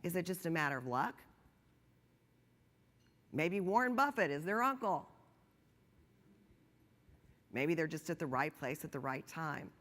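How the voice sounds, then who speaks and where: Animated keynote speaker in an echoing hall. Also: female voice, deep voice, a little slow, long pauses. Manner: animated storytelling, rising emphasis. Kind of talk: keynote speech. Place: large conference hall. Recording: long hall reverb.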